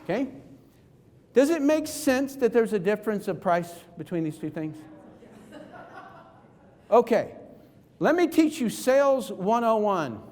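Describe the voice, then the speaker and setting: A man's voice: high-pitched, big pitch swings, measured pace, long pauses, darkish tone. Emphatic man speaking in a reverberant hall. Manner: emphatic, rhetorical questions to the audience. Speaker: keynote speaker. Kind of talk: motivational seminar talk.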